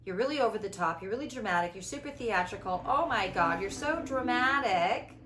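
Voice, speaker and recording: A woman in her fifties who talks in a reflective, conversational way as a podcast host, acting out quoted voices and moving between loud and hushed tones. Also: medium pitch, a little hiss or hum. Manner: expressive, theatrical, quick shifts between loud and hushed. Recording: echoey room.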